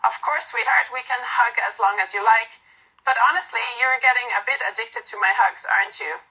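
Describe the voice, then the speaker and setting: A woman's voice: a little high, moderate pace, husky, rough recording. A woman voicing a fond, teasing sweetheart. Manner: gentle, affectionate teasing. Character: fond, teasing young woman comforting a clingy partner. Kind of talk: romantic audio role-play reading.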